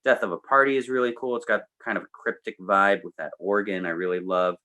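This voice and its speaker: A man co-hosting an album review show, chatting enthusiastically about a record with lively swings in his voice. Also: lowish voice, brisk. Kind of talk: casual opinionated music chat.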